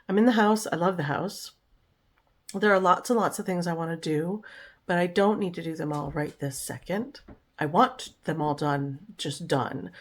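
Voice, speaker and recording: A woman chatting casually in a home vlog, relaxed and talkative, sometimes cooing to her dog. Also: fairly low pitch. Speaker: vlogger. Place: home, indoors.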